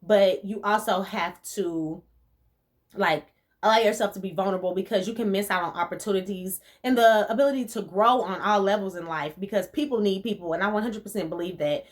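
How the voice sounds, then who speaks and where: A young woman from the rural US talks through viewer questions in a loose, chatty vlog voice. She is animated, laughs often and leans on relaxed slang. Her voice sits at a middle pitch for a woman. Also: fairly quick. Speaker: vlogger answering viewer questions. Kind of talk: casual chat.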